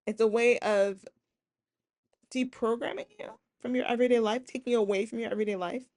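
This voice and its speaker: Animated woman hosting a sociology podcast. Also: fairly high pitch, fairly quick. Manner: animated, acts out quoted voices, keeps asking "right?". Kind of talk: casual lecture podcast.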